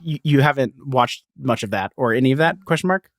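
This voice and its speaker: A man with an average-pitched voice chats through a comic book story on a podcast, laughing lightly as he narrates the panels. The sound is close and dry, with no room around it. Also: brisk, no echo. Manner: laughs often while retelling scenes. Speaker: podcast co-host. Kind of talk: casual comic book discussion.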